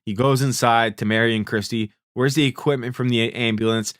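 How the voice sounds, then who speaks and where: Relaxed man recapping a show, dry sound. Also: medium pitch, fairly quick, no echo. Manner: laid-back, profane, paraphrases characters' lines in plain retelling. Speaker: TV recap host. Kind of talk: casual spoken recap.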